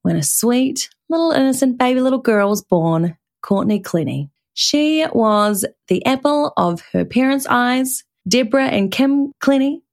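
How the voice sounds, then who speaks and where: A woman's voice: high-pitched, animated, a little slow, few pauses, a little mellow. A young woman with a New Zealand accent, co-hosting a podcast and playfully telling a true-crime story in casual chat. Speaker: podcast co-host.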